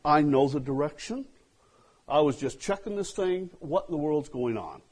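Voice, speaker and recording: A pastor telling a story in a sermon, swinging from loud outbursts to hushed asides. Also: male voice, a little high, lively intonation, normal speed, slightly rough.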